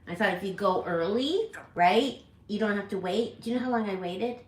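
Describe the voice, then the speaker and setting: A woman's voice: medium pitch, moderate pace. Chatty woman in a roomy echo. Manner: rambling, self-correcting, chatty. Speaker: parrot channel host. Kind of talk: casual livestream chat.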